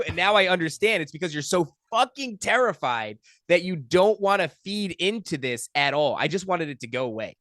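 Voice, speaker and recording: A young adult man, a podcast guest, telling a personal story in a profane, animated, casual way. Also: on the high side, fairly quick, few pauses, no room sound, clean studio sound.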